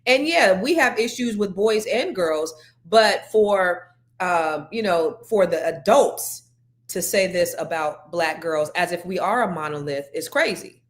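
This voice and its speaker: Middle-aged woman host from California, frank and animated, lowish voice, casual panel chat. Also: unhurried. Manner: frank, animated, with many restarts. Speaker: podcast host.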